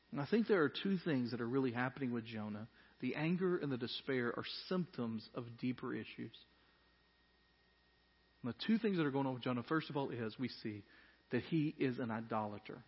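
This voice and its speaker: A man's voice: medium pitch, breathy edge. A male pastor preaching a sermon in a church hall, dramatically acting out complaints and asking the room questions. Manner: animated, voicing Jonah's complaints dramatically. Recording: dull lo-fi sound with long hall reverb.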